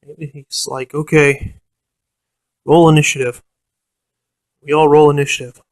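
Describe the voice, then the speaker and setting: A man's voice: a little high, flat delivery, unhurried, dry recording. Man, casual profane storyteller, fillers and restarts, dry close recording. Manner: quotes the game master in a mocking voice. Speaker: storyteller recounting a tabletop game. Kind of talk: casual anecdote.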